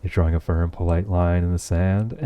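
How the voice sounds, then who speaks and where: Background noise sits under this low-pitched man's voice, which stays fairly flat and moves at normal speed. He's an American with a New Jersey accent, relaxed and profane, laughing a lot as he games on stream and answers his chat.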